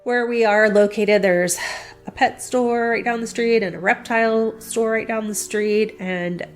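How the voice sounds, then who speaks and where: A woman's voice: on the high side, steady tone, unhurried, faint music behind. A middle-aged woman telling her story in a casual interview, chatty and rambling, often restarting her sentences. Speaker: veterinary clinic staff interviewee.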